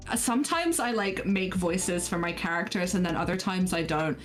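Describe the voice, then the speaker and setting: A woman's voice: fairly low pitch, normal speed, faint music behind. A woman with an English accent chatting casually as a streamer, often laughing at herself. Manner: laughs often, self-deprecating. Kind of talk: casual chat.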